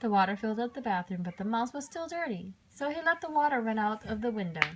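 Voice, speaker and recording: A mother reading children's stories aloud at bedtime, gentle and expressive, with a rhythmic delivery. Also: fairly high pitch, fast talker, noisy background.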